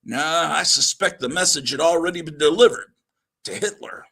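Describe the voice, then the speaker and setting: A man's voice: fairly high pitch, normal speed, vocal fry, fairly bright tone, husky, heavily acted. A man voicing a cocky young male falcon sidekick in a read-aloud comic, brash and wisecracking.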